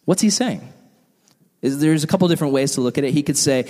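A young man leading a casual Bible study, talking in a relaxed, conversational way full of asides and fillers. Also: medium pitch, fast, long reverb tail.

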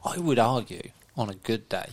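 Mid-pitched male co-host, animated and wry in casual podcast banter. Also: normal speed. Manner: dry, teasing banter.

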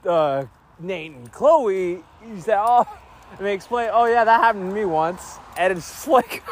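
A man recapping a film in a casual, rambling way, an excitable fan with many fillers. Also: high voice, unhurried. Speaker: video creator recapping a film. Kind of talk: casual movie recap and reaction.

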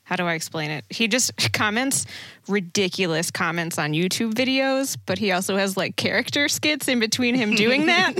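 A woman's voice: mid-range voice, expressive, normal speed, pushed and bright, dry recording. A woman guesting on a podcast, chatty and teasing in casual talk. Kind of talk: casual chat.

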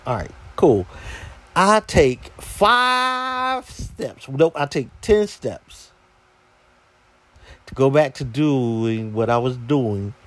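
A man's voice: medium pitch, lively intonation, slow pace, long pauses, warm tone. A man hosting a podcast, telling a story in a casual, slangy, exasperated way. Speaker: podcast host.

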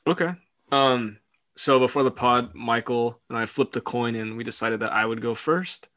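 A man's voice: mid-range voice, moderate pace, a bit bright. A young man co-hosting a casual sports podcast, laughing often and filling gaps with hedges. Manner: laughs often, hedging fillers. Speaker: podcast co-host.

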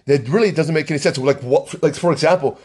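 A man's voice: a little high, quick pace, breathy edge. A man ranting about politics in an agitated, angry way, often repeating himself. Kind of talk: heated political rant.

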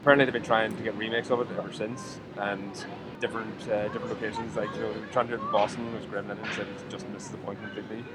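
A man's voice: lowish voice, little pitch movement, very noisy. An Irish man co-hosting a podcast, chatting casually and joking with his co-host. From Ireland. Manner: quick, jokey, swears casually. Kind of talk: casual chat.

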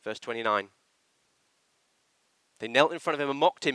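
A man preaching a sermon in a church, with an animated, emphatic delivery that slips into acted quotations. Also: medium pitch, moderate pace, clear, resonant tone, dry recording.

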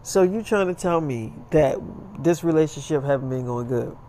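A man's voice: on the high side, lively intonation, normal speed, warm tone. A man doing an indignant, cursing young man. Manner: indignant, profane.

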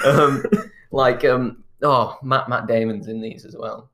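A man's voice: medium pitch, normal speed, fairly bright tone. A man in casual chat, retelling a film plot in a rambling way, restarting his sentences and chuckling as he goes. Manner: rambling, restarts often, chuckles while telling.

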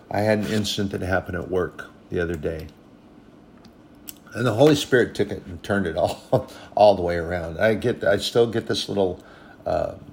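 Deep-voiced man preaching casually. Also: vocal fry, a little hiss or hum. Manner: earnest, conversational, rambling with restarts. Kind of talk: informal sermon with personal story.

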